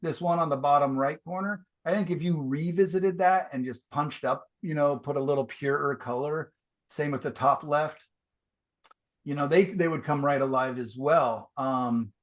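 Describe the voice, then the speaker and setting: A man's voice: fairly high pitch, moderate pace. Chatty, enthusiastic male painting teacher. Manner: casual, enthusiastic, chatty with fillers. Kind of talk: class feedback on paintings over video call.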